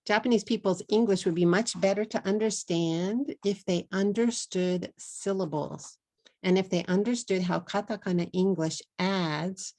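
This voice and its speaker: A middle-aged Texan woman gives an English pronunciation lesson at a very unhurried pace, saying each word over with care. Her voice sits a little low and has a gravelly fry running through it. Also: darkish tone. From United States. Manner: slow and deliberate, repeating words for learners. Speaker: English teacher.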